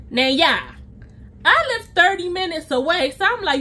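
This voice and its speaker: A woman vlogger spins a storytime tale in a high, bright voice. She is animated and chatty, acting out quotes and tossing in sound effects as she goes. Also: moderate pace. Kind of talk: storytime vlog.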